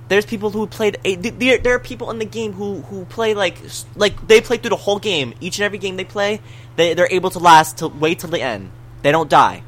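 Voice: medium pitch, fairly bright tone, slight background noise. A person in casual chat who rambles, restarts phrases and repeats words.

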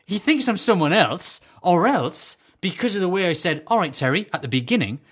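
A man co-hosting a podcast, telling a casual anecdote with animated storytelling and acted-out quotes. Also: high-pitched, moderate pace. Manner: animated storytelling, laughing at his own story. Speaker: podcast co-host.

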